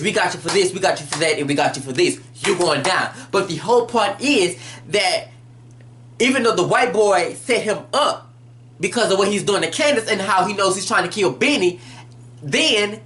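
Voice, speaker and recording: A woman in a casual vlog recapping a TV drama episode, blunt and animated, acting out the scenes as she goes. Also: mid-range voice, moderate pace.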